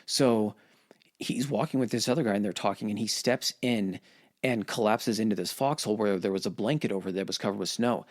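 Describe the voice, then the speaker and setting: A man's voice: lowish voice, fairly quick. A man casually retelling war history on a podcast, swearing and acting out quotes in voices. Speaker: podcast host.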